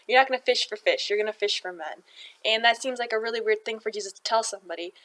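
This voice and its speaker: A woman's voice: mid-range voice, a bit bright, low-quality recording. A woman hosting and retelling a gospel reading in a chatty, slangy storytelling way. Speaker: host.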